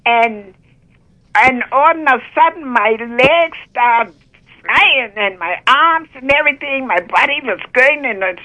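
Through a muffled phone connection, an older woman testifies about her faith with fervor, breaking into praise as her voice catches. Her voice sits high with a sharp tone, animated yet at a measured pace.

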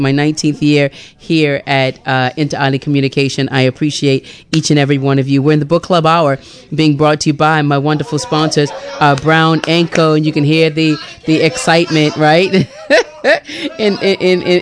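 A woman hosting a radio talk show, effusive and quick to laugh, from Bermuda. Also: sits low, flat delivery. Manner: warm, effusive, laughing often. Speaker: radio host.

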